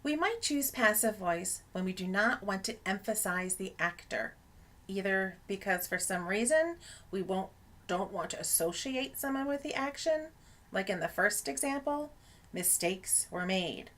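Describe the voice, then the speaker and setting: A woman narrating a scripted lesson on academic writing as an instructor, in a clear explanatory teaching tone. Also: medium pitch, lively intonation, measured pace, fairly bright tone.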